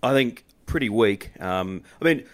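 A man's voice: on the low side, animated. A man giving blunt opinions about cricket on a podcast. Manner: quick and opinionated. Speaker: co-host. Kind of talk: casual cricket chat.

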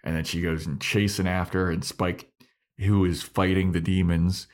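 A man's voice: deep voice, flat delivery, normal speed. A man co-hosting a podcast, casually recapping a TV episode scene by scene and acting out the characters' lines with swearing. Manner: retells scenes with acted-out quotes and swearing. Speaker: podcast co-host.

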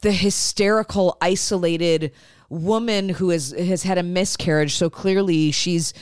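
A woman's voice: on the low side, steady tone, measured pace, a little mellow, clean tone, no room sound, clean studio sound. A woman co-hosting a podcast, chatting casually and bluntly, swearing freely. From California. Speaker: podcast co-host. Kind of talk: casual chat.

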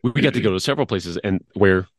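A man's voice: sits low, animated, fast, no echo. A man in his fifties, a guest on a chat show, telling stories in a loose, rambling way and laughing often. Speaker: guest, media producer. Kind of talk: casual interview chat.

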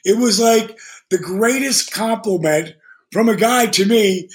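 A man who is a guest on a podcast, telling profane, animated stories and acting out the voices of people he quotes. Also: high-pitched, unhurried. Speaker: guest, retired pro wrestler. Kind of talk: profane storytelling podcast chat.

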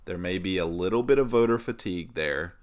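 A man co-hosting a casual sports podcast, chatting and running through stats in a relaxed, jokey way. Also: low-pitched, brisk. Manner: conversational, jokey, stat-heavy. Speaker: podcast co-host.

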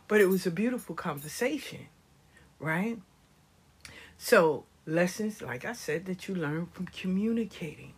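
A husky, fairly low voice with lively intonation carries this older woman's moderate-paced monologue. Grandmother to nine, she passionately and casually shares life advice, regularly dropping to a whisper.

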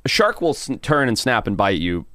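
Animated man telling a wild story. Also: mid-range voice, brisk, no room sound, clean studio sound. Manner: animated, swears, laughs often. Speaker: podcast guest, wildlife TV presenter. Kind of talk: casual storytelling.

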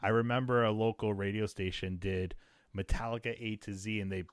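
A man's voice: fairly low pitch, steady tone, a little fast, smooth, dry recording, clean studio sound. Man hosting a rambling casual chat. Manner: rambling, full of fillers and restarts.

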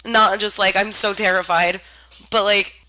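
A young woman with a bright, clear-toned voice talks casually about a movie. She chats along easily, laughs a lot and slips into little acted-out quotes. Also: mid-range voice, flat delivery, a little slow. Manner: chatty, laughs often, acts out quotes. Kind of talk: casual chat recapping a film.

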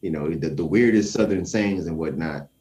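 A man's voice: sits low, moderate pace, warm tone. A young man telling a story in casual conversation, acting out the quoted voices and chuckling often.

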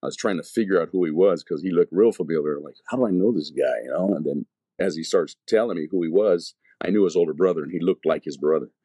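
Deep husky man telling a slangy testimony. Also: fast, warm tone, dry recording. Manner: slangy, many fillers and restarts. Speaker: evangelist telling his testimony. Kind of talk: casual testimony storytelling.

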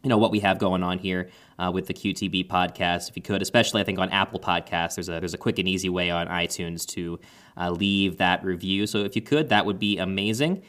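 A man in his thirties with a lowish voice, co-hosting a casual podcast. He talks in a friendly, rambling way, with stops and restarts. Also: fairly even intonation, a little fast, fairly bright tone. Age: 30s. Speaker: podcast co-host.

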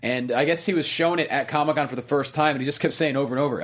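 A man co-hosting a movie news show, telling stories in casual chat with quick asides. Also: on the high side, a bit bright.

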